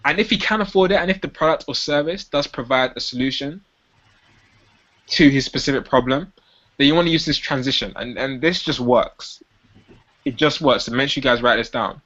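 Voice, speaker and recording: A man's voice: mid-range voice, a little fast, fairly bright tone, dull audio. A young man teaching sales technique to viewers, acting out sample phrases in different tones. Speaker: sales coach. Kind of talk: instructional talk to camera.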